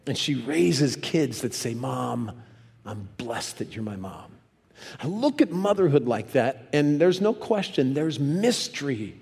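A man preaching a sermon to a congregation, telling stories with humor and lively asides. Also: on the high side. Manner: animated storyteller, jokes with the congregation. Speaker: pastor. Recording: long hall reverb.

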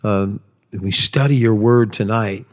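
A man's voice: on the low side, unhurried. A man preaching a sermon as pastor, conversational, with repetitions and light humor.

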